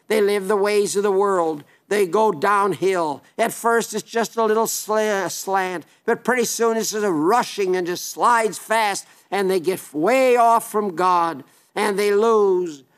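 A man's voice: sits high, a little slow, hardly any pauses. An older man preaching an earnest sermon, pleading with listeners and repeating phrases for emphasis.

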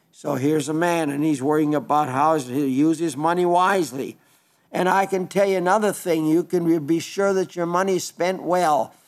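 Folksy preacher in his nineties. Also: a little high. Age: 90s. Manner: folksy, halting, with frequent restarts; fervent when praising the gospel. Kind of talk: radio sermon reading listener letters.

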